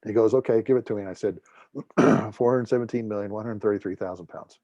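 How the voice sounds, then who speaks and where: A middle-aged man with a low voice speaks as a guest lecturer, spinning anecdotes and acting out the voices of the people he quotes. His voice sounds close and dry, with almost no room around it. He keeps a joking, storytelling manner throughout. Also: fast talker, dry recording, dull audio. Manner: lively storyteller, acts out dialogue, jokes. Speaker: guest speaker, former air force officer.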